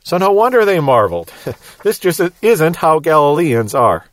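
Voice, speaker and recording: A man's voice: a little high, big pitch swings, a little slow, no room sound. A man with a Midwestern American accent teaching the Bible verse by verse, explaining patiently and repeating words as he goes.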